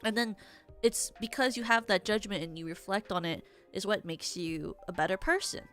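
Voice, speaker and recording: A woman's voice: medium pitch, normal speed, a bit bright, soft background music. Chatty, theatrical young woman streamer. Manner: rambling, chatty, many filler likes; self-described yappy, theatrical. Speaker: VTuber streamer. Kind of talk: casual stream chat.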